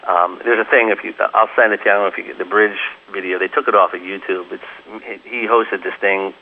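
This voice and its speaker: A man's voice: fairly low pitch, steady tone, brisk, phone-quality sound, slight background noise. A man being interviewed as a guest musician, telling long rambling anecdotes full of "you know" and acting out the voices of people he quotes. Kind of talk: casual interview storytelling.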